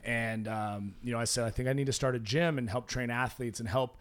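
A man, a former pro athlete and gym founder, chatting as a podcast guest and acting out quoted dialogue in a relaxed storytelling way. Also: mid-range voice, brisk. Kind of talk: casual chat.

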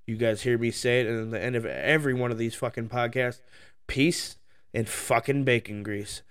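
A man hosting his own podcast, ranting heatedly about a topic into the microphone, swearing constantly. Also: medium pitch. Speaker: podcast host. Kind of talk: solo profane rant podcast.

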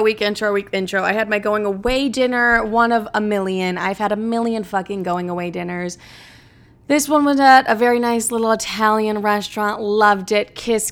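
Candid young woman with vocal fry. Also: medium pitch, a bit bright. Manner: candid, rambling, swears freely. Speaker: podcast host. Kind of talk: casual solo podcast chat. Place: empty apartment.

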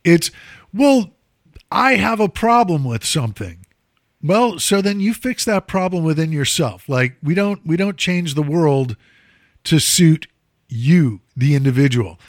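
A man's voice: a little high, expressive, unhurried, dry recording, clean studio sound. A man in casual chat, ranting with strong opinions.

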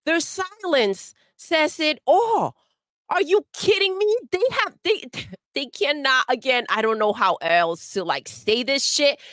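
Female co-host, emphatic and exasperated, high lively pitch, dry close mic. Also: a little slow, no room sound. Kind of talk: casual livestream chat.

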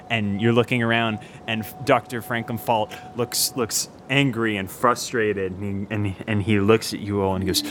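Low-voiced man narrating a tabletop game. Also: steady tone, over music. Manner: slow, halting narration with many restarts. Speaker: game master.

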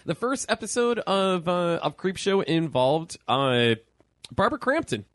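Excitable sweary man on a podcast. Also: a little high, a little slow, no room sound. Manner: excitable, swears, mock-annoyed. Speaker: podcast co-host. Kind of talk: casual banter about movies and TV.

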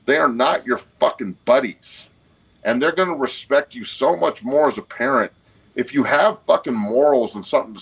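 A forties-aged podcast guest delivers blunt, emphatic, swear-heavy talk in a mid-range voice that's both creaky and husky. It's captured on a low-quality recording.

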